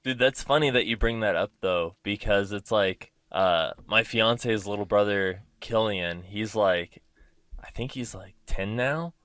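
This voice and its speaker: Man, lowish voice, smooth, loose casual podcast chat, lots of "like". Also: a little slow, a bit bright, dry recording. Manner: loose, filler-heavy, says "like" constantly. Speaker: podcast host.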